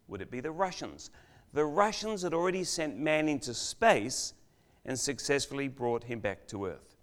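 An older man preaching a sermon as a guest speaker in a church, telling a story with dramatic pauses and swings between loud and hushed delivery. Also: medium pitch, expressive.

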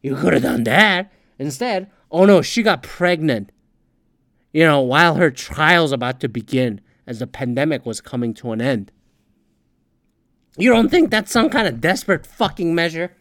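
A woman's voice: deep voice, lively intonation, normal speed. A woman hosting a solo podcast, ranting angrily and swearing constantly, with sarcastic rhetorical questions. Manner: angry, profane, swearing constantly. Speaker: podcast host.

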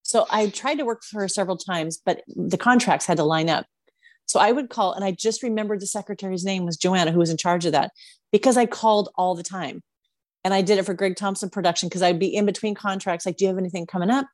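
A woman hosts a relaxed conversation and tells her own stories in a lively, chatty way, with a mid-range pitch. Her voice is recorded close and dry, with no room sound. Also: a little fast, dry recording. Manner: lively and chatty, laughs along. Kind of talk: casual chat.

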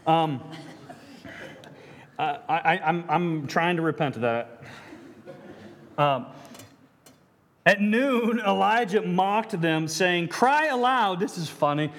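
A man's voice: a little high, slow pace, pauses often, in a large hall. A man preaching a sermon, reading scripture aloud and then riffing on it with jokes and self-deprecating asides, often restarting his words. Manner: frequent stammered restarts. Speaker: pastor.

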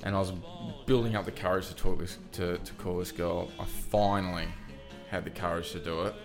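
Hombre bromista de voz grave contando anécdotas. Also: male voice, sits low, steady tone, a little fast, over music. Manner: joking, storytelling, mock eulogy delivery. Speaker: podcast co-host. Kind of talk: casual chat.

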